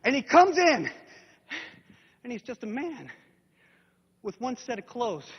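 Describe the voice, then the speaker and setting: A man preaching a sermon as a dramatic story, acting it out and swinging from hushed whispers to shouted calls. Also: very high voice, big pitch swings, slow pace, breathy edge. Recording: dull lo-fi recording in a reverberant hall.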